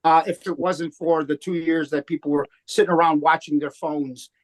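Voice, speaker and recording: High voiced comedian guy, rambly interview talk, lots of uhs. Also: fairly even intonation, moderate pace. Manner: rambling, many restarts and fillers. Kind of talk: casual interview chat.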